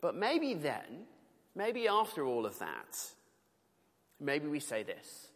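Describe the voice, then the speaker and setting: Slow and frequently pausing, a British man preaches with huge pitch swings in a fairly high, somewhat bright voice. His sermon is earnest and conversational, with colloquial asides as he reads scripture, and the recording carries the long reverb of a large hall.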